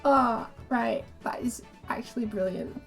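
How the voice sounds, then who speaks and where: A woman's voice: a little high, unhurried, creaky, a bit bright. A woman chatting casually as she plays and comments on a game, laughing at herself, with faint music behind. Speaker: streamer.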